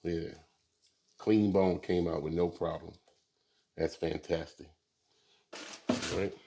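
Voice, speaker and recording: A man's voice: low-pitched, slow pace, gravelly. A man hosting a casual barbecue video, talking viewers through shredding and tasting pork with an easygoing, filler-filled delivery. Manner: relaxed, talks to viewers with many fillers. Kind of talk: casual cooking demonstration.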